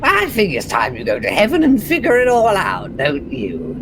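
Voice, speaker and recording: A game master doing Baba Yaga, a gravelly cackling hag. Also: mid-range voice, huge pitch swings, moderate pace, background noise, voice pushed up. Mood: mocking. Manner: cackles, teasing and sly. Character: gigantic rotting old female witch, mocking and cackling.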